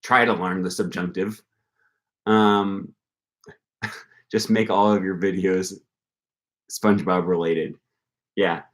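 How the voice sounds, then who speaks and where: A young man with a fairly low voice chats casually to his viewers on a livestream. He sounds upbeat and encouraging, and he wanders through his points with plenty of ums and uhs. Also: fairly even intonation, takes it slowly, pauses often, fairly bright tone. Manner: upbeat, encouraging, rambling with fillers. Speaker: language-learning channel host.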